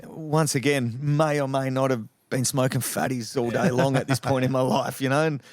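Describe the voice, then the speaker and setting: A man's voice: medium pitch, steady tone, moderate pace, no echo, studio quality. A middle-aged man from Western Australia with an Australian accent, a podcast guest telling rambling anecdotes full of swearing. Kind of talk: casual storytelling.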